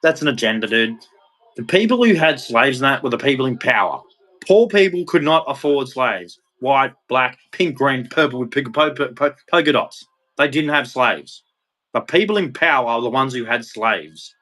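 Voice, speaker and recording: A man's voice: mid-range voice, expressive, normal speed, fairly bright tone. An Australian man in his thirties ranting bluntly and heatedly in a casual monologue, swearing freely. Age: 30s. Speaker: vlogger.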